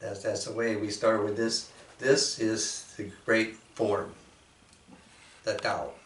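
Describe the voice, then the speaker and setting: A man giving a reflective, unhurried talk, with measured pauses and frequent fillers. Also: fairly low pitch, little pitch movement, a little hiss or hum. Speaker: speaker presenting a painting. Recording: roomy echo from a distant mic.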